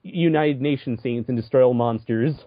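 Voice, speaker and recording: A man's voice: mid-range voice, moderate pace, no room sound. A man from Mexico, a guest on a podcast, talking casually and arguing his point with exclamations. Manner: argumentative, exclaiming. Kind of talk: casual riffing commentary. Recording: dry muffled lo-fi recording.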